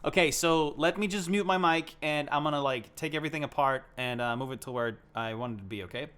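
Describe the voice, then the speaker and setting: A young man casually chatting on a live stream from his home setup, gushing and excitable and swearing freely. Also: on the high side, fairly quick, clear, resonant tone.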